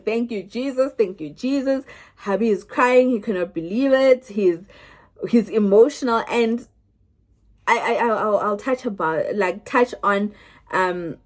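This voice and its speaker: A woman's voice: mid-range voice, a little mellow. A young South African woman telling her own story to the camera in a chatty way, often restarting her sentences. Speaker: vlogger.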